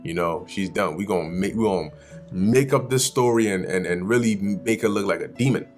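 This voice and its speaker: A man voicing two scheming old male elders quietly plotting in a smug, low voice. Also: brisk, faint music behind, close to an everyday voice.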